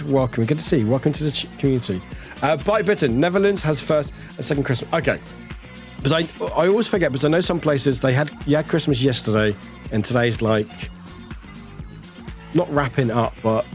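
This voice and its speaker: A chatty streamer, mid-pitched voice, rambling and friendly as they read chat and welcome people in. A slight cough lingers, and soft music plays in the background. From United Kingdom. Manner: chatty, rambling, warm toward chat, quick laughs. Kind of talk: casual live-stream chat, reading chat aloud.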